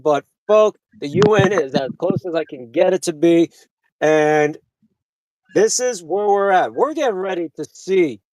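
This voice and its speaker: A man's voice: high voice, dry recording, poor audio. A man hosting a live talk radio show, delivering a heated, profane monologue full of restarts and asides.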